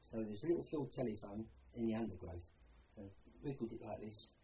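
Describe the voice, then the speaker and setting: In this oral history interview, an older war veteran from London talks about his service in a Cockney accent, rambling plainly and tossing in "you know" a lot. He speaks expressively and a little fast in a lowish voice, with the highs cut off and a noisy background.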